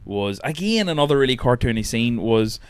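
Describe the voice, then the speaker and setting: A man hosting a casual podcast chat, laughing often, swearing freely and retelling scenes with animated energy. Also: mid-range voice, fairly quick, smooth. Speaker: podcast host.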